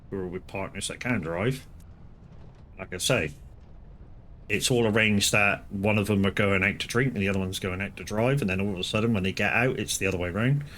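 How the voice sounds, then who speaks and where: A deep-voiced man with a somewhat bright sound, over slight background noise, streams a farming game live. He chats casually to viewers, rambling, cursing and restarting his sentences often.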